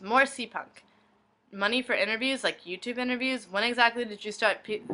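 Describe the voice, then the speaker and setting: Young woman reading her inbox messages out loud, bright crisp voice, very clean sound. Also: lowish voice. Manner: reads each message in turn, plainly. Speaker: blogger.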